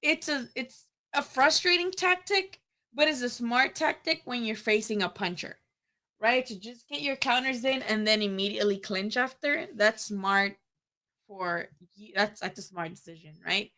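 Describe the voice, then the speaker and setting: A young woman hosting a casual boxing livestream, rambling, animated and profane. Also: fairly high pitch, moderate pace. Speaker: boxing channel host.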